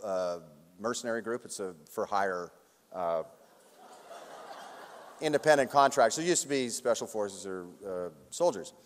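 A man telling a long, animated anecdote at a public talk, laughing often and acting out other people's lines. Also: lowish voice, normal speed, pauses often. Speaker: award recipient speaking on stage. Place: large auditorium. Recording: long hall reverb.

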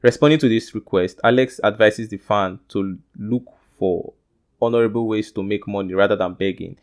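A man with a Nigerian accent reads celebrity gossip to camera on his news vlog, keeping it casual and putting questions to his viewers. His voice is lowish and his speed normal.

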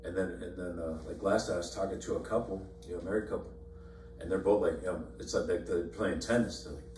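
A man with a low, darkish voice talks quickly and with fairly even intonation as he leads a casual Bible study in a church meeting room, using many fillers and repeating words. The mic sits far away in an echoey room, and a faint hum is audible.

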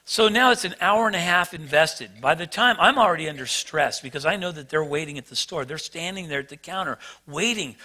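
A man preaching as a pastor, telling a self-mocking personal story in an animated way. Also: a little high, fairly quick, hardly any pauses. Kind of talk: sermon storytelling.

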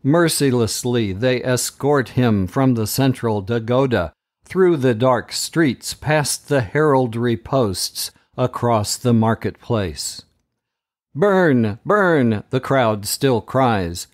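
A man hosting a podcast, reading a story chapter aloud in a dramatic, measured way. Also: mid-range voice. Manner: slow, measured and dramatic, with raised voices for quoted shouts.

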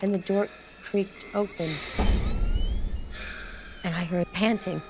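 A woman in a documentary interview, earnestly recounting a ghostly experience in a hushed, suspenseful way. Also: medium pitch, steady tone, slow, noisy background. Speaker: celebrity guest telling a ghost story.

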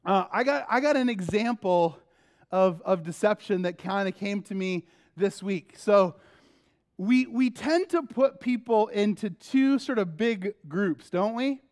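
A man's voice: high-pitched, expressive, measured pace, darkish tone. A man preaching a sermon as pastor, reading scripture and then talking it through in a conversational way, with rhetorical questions and frequent fillers. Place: church.

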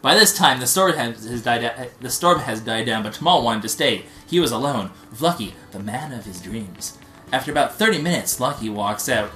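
A man's voice: medium pitch, expressive, normal speed, pushed and bright. A young man streamer giving a comic reading of fan fiction, rambling and breaking off to joke and laugh. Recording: echoey room with faint music.

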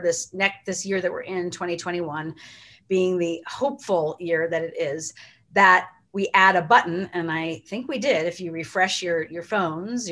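A middle-aged woman emceeing a charity auction from home, effusive and chatty with quick asides. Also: on the low side, a bit bright. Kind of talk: casual live-stream hosting.

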